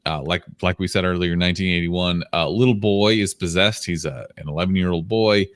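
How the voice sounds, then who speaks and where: Podcast co-host, male, low voice, dry close sound, profane and teasing. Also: fairly bright tone, no room sound. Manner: profane, teasing, mock-tough. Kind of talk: casual podcast chat.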